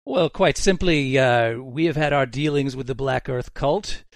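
A man's voice: medium pitch, unhurried, no echo, pitched below the performer's own voice, natural voice. A man voicing a pompous, flowery male bard who speaks in a grand stage persona. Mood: grandiose. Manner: grandiose and theatrical.

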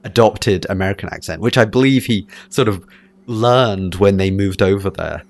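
A man with a lowish voice and an accent that blends Scottish and English tells a long story in casual conversation. He hesitates often, circling back with fillers and restarts before landing his point. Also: moderate pace, vocal fry. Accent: mixed Scottish and English. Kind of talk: casual chat.

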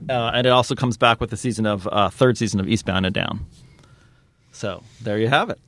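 A man's voice: on the low side, fairly quick, no room sound. Chatty male podcast host. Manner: animated storyteller, many fillers and restarts. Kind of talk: casual chat.

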